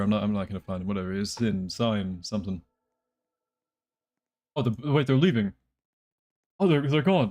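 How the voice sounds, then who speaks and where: During a live game stream, a young man talks to chat as he plays, rambling casually and making jokes. His voice is medium-pitched and a little mellow, and faint music plays behind him.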